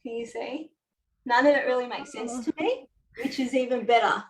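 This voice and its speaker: A woman's voice: a little high, normal speed. A woman sharing her drawings on a video call, chatty and a little hesitant. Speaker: workshop participant. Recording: echoey room with faint noise.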